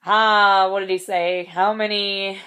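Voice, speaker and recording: A woman's voice: medium pitch, little pitch movement, slow, pushed and bright, smooth. A young woman telling a story in a casual vlog, rambling, swearing casually and laughing between lines. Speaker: vlogger.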